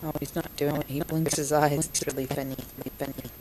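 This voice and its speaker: A woman's voice: deep voice, level tone, quick pace, darkish tone, a little hiss or hum, rough recording. A young mother filming her baby at home, coaxing him in sing-song baby talk. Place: home, indoors. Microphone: handheld camera.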